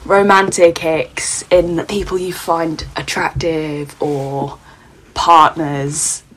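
A woman's voice: low voice, takes it slowly, husky, poor audio. A woman co-hosting a podcast, chatting casually and telling stories with lots of laughter. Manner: animated, laughs often, jokey storytelling. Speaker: podcast co-host. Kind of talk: casual chat.

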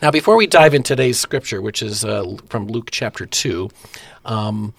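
A man's voice: lowish voice, expressive, moderate pace, gravelly, dry recording. A man hosting a casual devotional podcast, joking with his guest and reading scripture aloud. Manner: jokey, reads scripture aloud. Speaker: podcast host.

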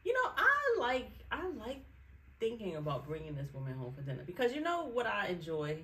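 A woman's voice: mid-range voice, huge pitch swings, brisk, sharp tone. A woman with a New York accent co-hosting a podcast in casual chat, laughing often and pressing for details. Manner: laughs often, clarifies and teases. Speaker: podcast co-host.

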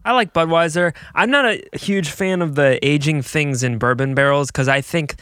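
A man's voice: a little high, moderate pace, fairly bright tone, clean tone, dry recording, clean studio sound. A man in a casual beer tasting chat, giving blunt, candid opinions.

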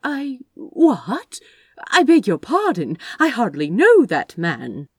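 A woman's voice: mid-range voice, animated, a little slow, warm tone, slightly rough, dry recording, studio quality. A woman voicing a flustered, prim male angel working as a receptionist in an audiobook reading. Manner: polite, fussy, flustered.

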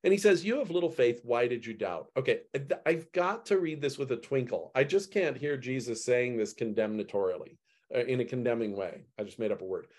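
Animated man leading a Bible study. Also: fairly quick. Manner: animated, acts out quoted lines with big pitch jumps. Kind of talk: group Bible study discussion.

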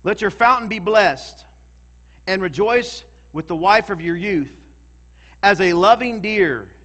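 A man's voice: high voice, animated, unhurried, fairly bright tone. A male pastor preaching a sermon in a church, emphatic and calling out to the congregation for responses.

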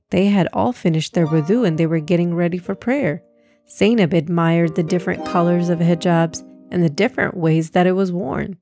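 A woman reading a children's story aloud in a gentle, clear way. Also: on the low side, no room sound.

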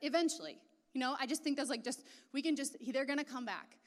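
Woman, high voice, casual sermon, chatty asides, long hall reverb. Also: lively intonation, fast talker. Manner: casual and chatty, many asides and filler words. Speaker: preacher.

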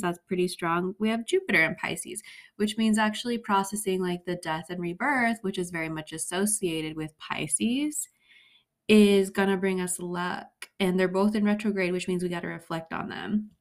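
A woman's voice: medium pitch, moderate pace. A woman hosting a solo podcast in a casual, chatty Valley Girl-style voice, full of "like" and "um", a little nervous. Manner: Valley Girl-ish, lots of "like" and "um". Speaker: podcast host.

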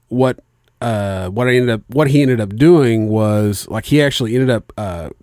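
A man's voice: on the low side, no echo. Profane rambling man with a dry close sound. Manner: profane, rambling, animated storyteller. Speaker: podcast co-host. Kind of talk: casual storytelling chat.

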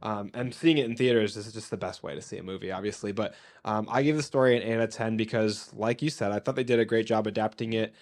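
A man's voice: lowish voice, fast talker, few pauses, a little mellow. A young man co-hosting a casual movie review podcast, enthusiastic and laughing often, with lots of "like" and "um". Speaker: podcast co-host.

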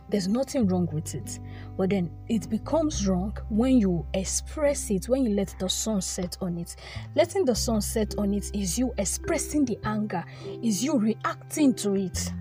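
This young woman, a devotional speaker, has a mellow, medium-pitched voice. Her informal devotional teaching is earnest, and she often repeats her phrases.

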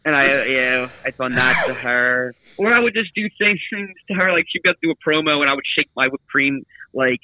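A man's voice: medium pitch, lively intonation, fairly quick, few pauses, sharp tone, no room sound. A man guest on a podcast, telling stories in casual chat and laughing as he acts out voices. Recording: dull, lo-fi sound.

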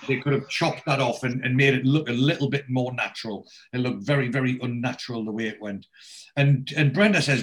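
A man chatting casually, retelling television scenes and acting out the lines. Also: fairly quick. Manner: animated storyteller, acts out quotes with jumps in pitch. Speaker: podcast host recapping a TV episode.

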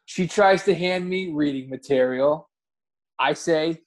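A man tells stories on a podcast in a casual, rambling way. He swears freely and corrects himself mid-sentence. His voice sits a bit high for a man. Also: measured pace. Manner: rambling, profane, with self-corrections. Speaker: podcast co-host. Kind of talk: casual chat, storytelling.

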